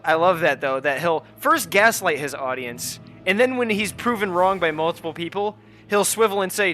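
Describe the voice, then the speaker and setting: High, bright-voiced swearing male streamer. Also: normal speed, hardly any pauses, faint music behind. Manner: swearing, exasperated, bursts into high shouting rants. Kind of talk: casual gameplay stream chat.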